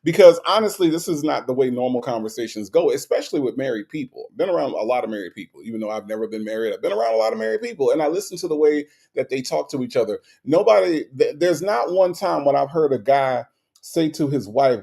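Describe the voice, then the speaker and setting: A man's voice: mid-range voice, animated, brisk, gravelly, warm tone, husky. A man hosting a casual commentary, talking bluntly and profanely and picking apart the words of a radio call. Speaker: host reacting to a radio clip.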